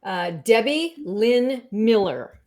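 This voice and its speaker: A woman co-hosting a live talk show over a video call, upbeat and brisk as she runs giveaways and chats. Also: a little high, expressive, a little mellow. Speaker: co-host. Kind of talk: casual chat.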